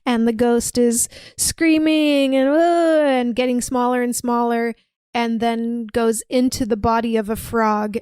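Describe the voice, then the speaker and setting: A woman's voice: fairly high pitch, a little mellow, smooth, no room sound. A young woman co-hosting a podcast, casually retelling a story and acting out the quotes as she goes. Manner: breezy storyteller, acts out quotes. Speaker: podcast co-host recapping a film. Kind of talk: casual chat, retelling a plot.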